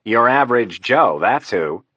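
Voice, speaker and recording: A man's voice: medium pitch, animated, a little slow, bright, forceful tone, dry recording, dull audio, pitched above the performer's own voice. A man voicing a crude, scheming male political aide who talks with confident coarseness.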